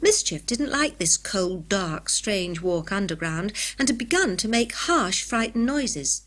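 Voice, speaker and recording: A woman's voice: mid-range voice, very animated, a bit bright. Woman reading a children's adventure. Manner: clear, measured storybook reading. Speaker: audiobook narrator. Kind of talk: scripted narration.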